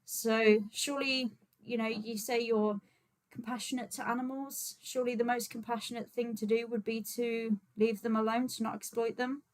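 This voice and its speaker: A woman's voice: fairly high pitch, little pitch movement, normal speed. Chatty woman livestreaming. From Birmingham, England. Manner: chatty and informal, many fillers, talks to viewers while setting up. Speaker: livestream host, vegan activist. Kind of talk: casual livestream chat.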